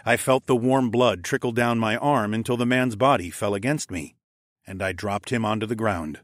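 A man reading a first-person audiobook in steady, measured scripted narration. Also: lowish voice, no echo, studio quality.

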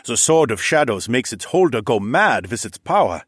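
A man voicing a cautious adventuring companion who speaks in measured warnings, in a read-aloud story. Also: medium pitch, very animated, slightly rough, dry recording, studio quality.

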